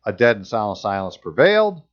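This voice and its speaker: A man's voice: fairly low pitch, big pitch swings, a little fast, muffled recording. Sarcastic man reading and remarking. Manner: sarcastic, reads passages aloud and remarks on them. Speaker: channel host. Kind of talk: casual commentary, reading aloud.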